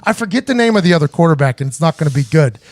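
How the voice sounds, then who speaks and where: A man's voice: a little high, racing, no echo. A young man hosting a talk show, telling a long, profane story and acting out what other people said. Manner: animated, profane, acts out other people's lines. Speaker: podcast host. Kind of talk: casual storytelling.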